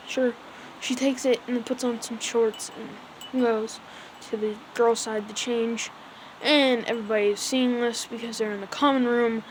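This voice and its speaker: Woman, fan recapping a story, loose casual delivery, rambling with filler words, voice sits a touch high. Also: a little hiss or hum, rough recording. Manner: rambling, full of "like" and "so yeah". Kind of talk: casual retelling.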